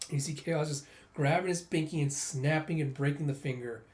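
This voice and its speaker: Male comic reviewer, chatty casual recap, slightly high voice. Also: normal speed, hardly any pauses, a little mellow, echoey room. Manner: loose, chatty, reads dialogue aloud.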